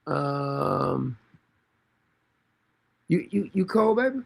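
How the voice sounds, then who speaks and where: A man's voice: on the high side, sing-song, extremely slow, gravelly. A man hosting a casual livestream, rambling and mocking with frequent laughter, talking now and then to someone beside him. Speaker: livestream host.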